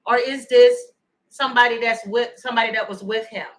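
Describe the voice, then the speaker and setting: A woman giving a chatty, animated livestream tarot reading and thanking viewers by name. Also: fairly high pitch, a little fast, low-quality recording. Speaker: tarot reader.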